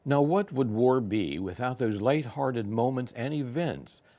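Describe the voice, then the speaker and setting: A man narrating a documentary in a slow, measured way. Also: medium pitch, lively intonation, mellow.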